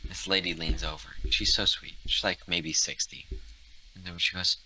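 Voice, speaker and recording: A man's voice: deep voice, level tone, moderate pace, pushed and bright, poor audio. Young man telling rambling, profane stories. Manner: rambling, profane storytelling with lots of fillers and restarts. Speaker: podcast co-host. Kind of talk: casual chat.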